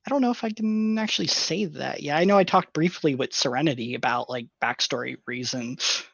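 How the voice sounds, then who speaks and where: A man's voice: a little high, fairly quick, creaky, a bit bright, no room sound. A man on a podcast panel, explaining his views at length with many fillers. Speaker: podcast panelist and tabletop player. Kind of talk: casual podcast chat. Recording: dull lo-fi dry sound.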